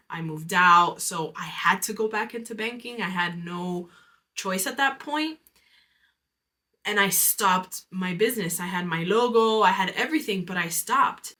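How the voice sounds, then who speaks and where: A woman's voice: on the low side, sharp tone. A woman hosting a podcast, telling a personal story in a candid, reflective way with casual fillers. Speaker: podcast host.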